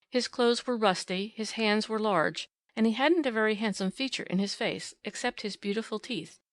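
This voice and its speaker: A woman's voice: medium pitch, dry recording, studio quality. A woman reading a classic novel aloud in scripted first-person audiobook narration, with a wry storytelling manner.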